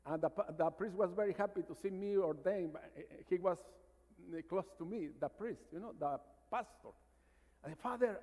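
A priest in his fifties from Mexico with a Mexican Spanish accent, preaching a sermon with stories and calls for amens, sometimes dropping to a hushed voice. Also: fairly high pitch. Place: large church. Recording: church reverb.

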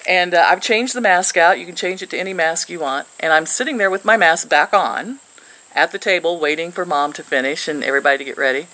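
A woman's voice: lowish voice, quick pace, pushed and bright, poor audio. An older woman from Missouri, sitting outdoors and chatting to camera as she tells a rambling story with frequent laughs. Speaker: vlogger.

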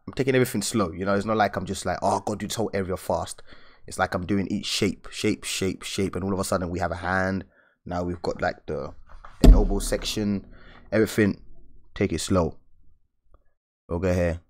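A man's voice: deep voice, fairly even intonation, moderate pace, long pauses. A young man hosting a live drawing stream, chatting casually and slangily to his viewers and laughing often. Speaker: art channel host.

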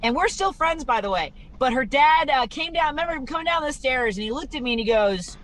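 A woman from Chicago with a high voice tells funny stories and slips into the voices of the people she quotes. She is talking over a video call from a parked car. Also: fast, poor audio. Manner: animated storyteller acting out quoted voices. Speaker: comedian and radio host. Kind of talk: storytelling stand-up set.

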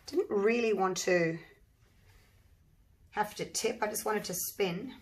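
A woman with a husky voice from allergies, chatting her way through an acrylic paint pour, thinking aloud and breaking into excited exclamations. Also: mid-range voice, slow. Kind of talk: casual demonstration while working.

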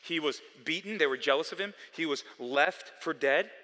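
Male pastor preaching, bright tense voice, pitch a bit high, long reverb in a church. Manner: preaching with swings between quiet, slowed passages and loud, emphatic ones. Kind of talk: sermon. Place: church sanctuary.

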